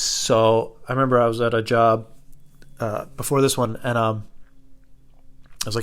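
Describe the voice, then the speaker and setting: A man's voice: mid-range voice, fairly even intonation, normal speed, pauses often. A young man hosting his own podcast, telling rambling, self-deprecating work stories in casual chat full of fillers and swearing. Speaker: podcast host. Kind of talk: rambling solo podcast storytelling.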